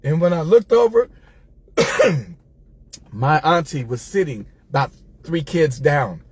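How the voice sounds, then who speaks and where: A middle-aged man hosting a casual storytelling monologue, animated and laughing as he talks to his listeners. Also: fairly high pitch, slow pace, husky, no echo. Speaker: host.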